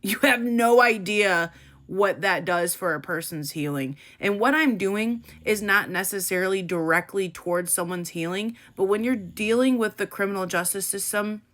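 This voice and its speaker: A woman's voice: medium pitch, normal speed, a bit bright. A young woman from the Midwest talking candidly in a personal vlog, blunt and emotional, swearing freely and using casual slang. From American Midwest. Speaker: content creator.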